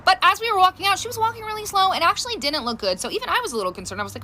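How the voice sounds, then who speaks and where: A woman's voice: extremely high pitch, racing, a little hiss or hum. A mother telling a casual storytime about her daughter, acting out the voices and laughing as she goes. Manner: animated, laughing, acts out quotes.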